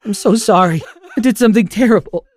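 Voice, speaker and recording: A man's voice: high voice, expressive, moderate pace, voice pushed up. A man voicing a teenage boy who pleads in a choked, tearful way.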